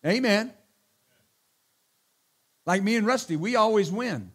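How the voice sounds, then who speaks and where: A man preaches in a notably high voice, punching his points with hallelujahs and amens. He is a middle-aged pastor who slips into teasing asides before returning to the sermon. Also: animated, slow pace, fairly bright tone, slightly rough. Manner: emphatic, repeats hallelujah and amen, joking asides.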